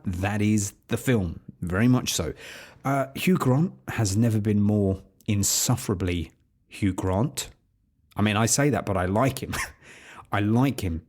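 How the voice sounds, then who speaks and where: A man's voice: fairly low pitch, a little mellow. A man hosting a film podcast, giving a wry, opinionated solo review with sarcastic asides. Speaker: podcast host reviewing films.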